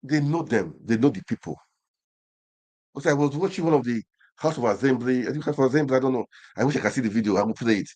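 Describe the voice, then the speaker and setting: A man's voice: medium pitch, lively intonation, fast talker, darkish tone. A man with a Nigerian accent hosting an online show, delivering an impassioned commentary monologue full of repeated phrases and rhetorical questions.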